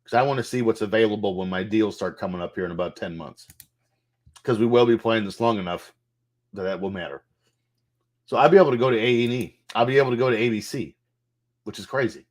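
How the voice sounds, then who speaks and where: A man's voice: lowish voice, fast. Man casually talking through a game. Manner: loose, profane, thinking aloud while clicking through menus. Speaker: gameplay streamer. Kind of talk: casual game walkthrough commentary.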